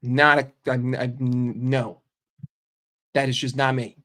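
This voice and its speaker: A man's voice: mid-range voice, little pitch movement, slow, a bit bright. An American man with an American accent, chatting casually with viewers as a streamer and football fan, crude and joking with frequent swearing. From United States.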